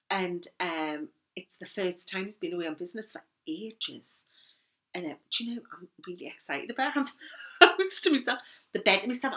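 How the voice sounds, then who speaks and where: A woman's voice: lowish voice, a bit bright. A woman in her fifties with a Geordie accent, chatting casually and rambling to camera as a knitting vlogger, laughing easily.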